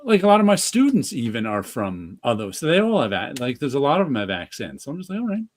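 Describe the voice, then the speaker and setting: A man with a New York accent talks casually on a podcast, wandering through his thoughts with lots of restarts. His pitch sits in a middling range. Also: wildly swooping pitch, quick pace. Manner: rambling, with restarts and light laughs. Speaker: podcast co-host. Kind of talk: casual chat.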